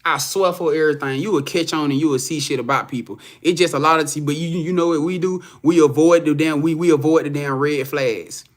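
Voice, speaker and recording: A man's voice: fairly high pitch, fairly even intonation, brisk, hardly any pauses. A young man chatting casually on a live stream as a psychic reader, loose and profane, rambling with many restarts and reading out viewers' comments.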